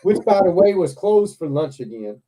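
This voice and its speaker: A man's voice: high voice, very animated, moderate pace, mellow. A man hosting a live stream, telling a story in a casual chat, laughing often and swearing freely.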